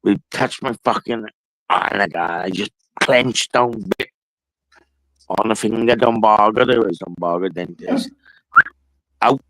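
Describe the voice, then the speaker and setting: A man's voice: on the low side, unhurried, pauses often, a bit bright, no echo, rough recording. A man telling a rambling, profane story in casual chat.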